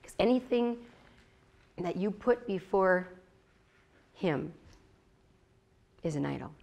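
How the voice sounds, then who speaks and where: A woman leading a Bible study in a loose, conversational way. Her voice is low and gravelly, and she talks in a confiding tone with many asides to the group. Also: lively intonation, takes it slowly, a little mellow. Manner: chatty, confiding, full of asides. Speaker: Bible teacher.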